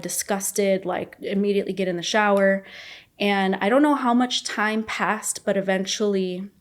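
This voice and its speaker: A woman guest on a podcast, telling a painful personal story in a raw, emotional way, with a casual manner and constant fillers. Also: mid-range voice. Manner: raw and emotional, recounting an ordeal. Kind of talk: personal story told in an interview.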